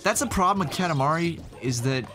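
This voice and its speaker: A man co-hosting a casual gaming chat, laughing often with a high childlike giggle. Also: animated, a little fast, pushed and bright, faint music behind. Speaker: co-host.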